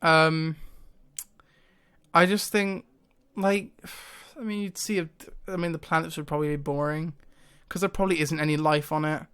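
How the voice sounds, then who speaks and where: A man's voice: on the high side, fairly even intonation, moderate pace, fairly bright tone, clean tone. A man talking casually to the camera, thinking aloud with hesitations and frequent laughs. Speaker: YouTuber.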